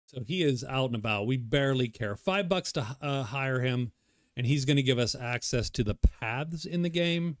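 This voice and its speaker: A man with a medium-pitched voice talks casually as he works through a solo board game. He muses aloud, wanders off on tangents and mutters to himself between moves. The sound is close and dry, with no room echo. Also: expressive, moderate pace. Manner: thinking aloud, rambling, self-muttering. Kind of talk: casual solo playthrough commentary.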